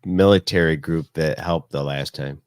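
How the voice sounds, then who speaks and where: A man's voice: very deep voice, moderate pace, clear, resonant tone, dry recording. A man co-hosting a podcast, chiming in with dry, wry comments and some swearing. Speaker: podcast co-host. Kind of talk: casual episode discussion.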